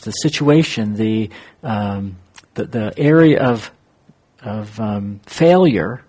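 Slow, husky-voiced man teaching scripture. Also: mid-range voice, a little mellow. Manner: thoughtful, halting, with pauses and fillers; asks rhetorical questions. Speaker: Bible teacher. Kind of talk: verse-by-verse Bible teaching.

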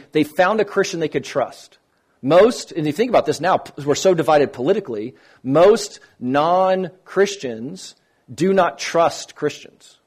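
A man with a fairly high, husky voice gives an informal teaching talk on Christian apologetics. He speaks conversationally, frequently restarts his sentences, and acts out the dialogue he quotes.

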